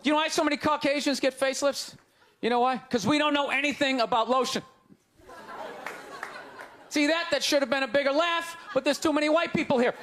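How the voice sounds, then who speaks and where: A man doing a stand-up comedy set on stage, ranting loudly and jabbing sarcastically at the audience. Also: very high-pitched, fairly quick, pauses often, crowd noise, background noise.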